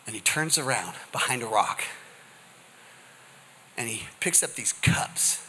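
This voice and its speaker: A man preaching a humorous, energetic sermon as pastor, with call-and-response asides to the congregation. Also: on the high side, brisk, slight background noise. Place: church sanctuary.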